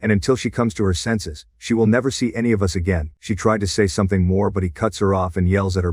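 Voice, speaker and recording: A man narrating a reddit story as a scripted read, with a steady, even delivery. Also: on the low side, quick pace, few pauses, slightly rough, no room sound.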